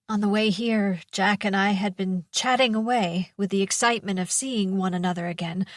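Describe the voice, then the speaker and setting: A woman narrates a suspense audiobook in first person, taking her time over every phrase. Her delivery is measured and tense, with a mid-range voice. The studio sound is dry and close. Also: medium pitch, no room sound.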